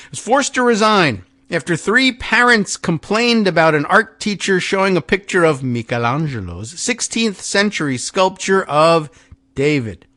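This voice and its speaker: A man's voice: on the high side, bright, forceful tone. A man hosting a podcast, giving casual political commentary with rambling, sarcastic, self-deprecating asides. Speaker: podcast host.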